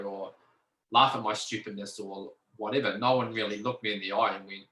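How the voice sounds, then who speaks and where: A man's voice: on the low side, fairly even intonation, quick pace, sharp tone, echoey room, poor audio. Blunt swearing man. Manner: blunt, swears freely, acts out quoted people. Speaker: podcast guest. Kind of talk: candid storytelling interview.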